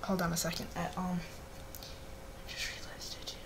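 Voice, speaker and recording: In a whispered, low-sitting voice at a moderate pace, a woman hosts a gaming video, chatting casually and letting out excited yelps and cheers as she plays. The recording quality is low.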